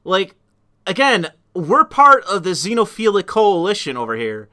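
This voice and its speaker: A man hosts a casual stream chat, rambling along with plenty of fillers and restarts. His voice sits high and has a bright, sharp edge. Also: big pitch swings, normal speed. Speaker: stream host.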